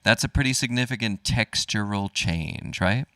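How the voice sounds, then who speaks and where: A man teaching a live-streamed vocal warm-up, encouraging and relaxed, demonstrating sung vowels between explanations. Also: lowish voice, normal speed, clear, resonant tone, no room sound. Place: home studio, dogs nearby.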